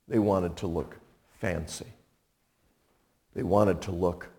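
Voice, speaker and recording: A man's voice: sits low, a little mellow. An older man preaching a radio sermon, emphatic and playful, firing off rhetorical questions. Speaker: pastor.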